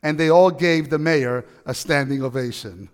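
A man preaching a sermon, telling a story with animated, emphatic peaks. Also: fairly high pitch, normal speed, big-room sound. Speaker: pastor.

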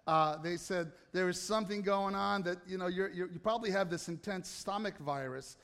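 A man preaching to an audience, telling a self-mocking personal story in an animated way with asides to the crowd. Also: high voice, moderate pace, creaky. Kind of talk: storytelling sermon. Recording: hall reverb.

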